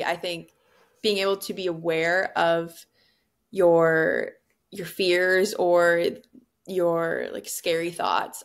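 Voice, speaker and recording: A woman's voice: lowish voice, creaky. A young woman in her twenties, a guest on a podcast, talking candidly and animatedly, with lots of "like". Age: 20s. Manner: candid, animated retelling with frequent "like". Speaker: guest athlete. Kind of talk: casual podcast interview.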